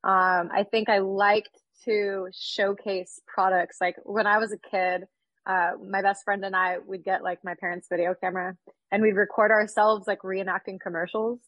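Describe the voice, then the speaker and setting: A woman's voice: medium pitch, little pitch movement, moderate pace, a bit bright, no room sound, highs cut off. Chatty upbeat woman in her thirties, dry sound. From California. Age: 30s. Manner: chatty, upbeat, lots of fillers. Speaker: guest. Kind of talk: casual podcast chat.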